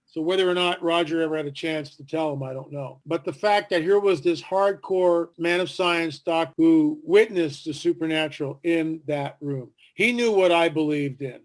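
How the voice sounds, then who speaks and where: Higher-pitched older man telling a story. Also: moderate pace, few pauses. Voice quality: animated storyteller, acts out other people's lines. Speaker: interview guest, author and explorer. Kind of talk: storytelling in a podcast interview.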